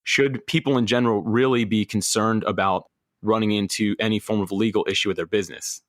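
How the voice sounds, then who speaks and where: A man hosting a podcast interview, asking questions and telling an animated personal story, acting out the people he quotes. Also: on the low side, brisk, dry recording, studio quality. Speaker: podcast host.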